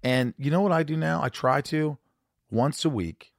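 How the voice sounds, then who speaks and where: A man's voice: fairly high pitch, normal speed, creaky, dry recording, studio quality. A man hosting a candid conversation, talking openly and emotionally, swearing freely. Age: older.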